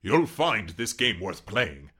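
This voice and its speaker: A man's voice: lowish voice, big pitch swings, slow, sharp tone, breathy edge, full character voice. A man voicing a suave, menacing aristocratic Cossack general in an audiobook reading, with a courtly, mocking manner.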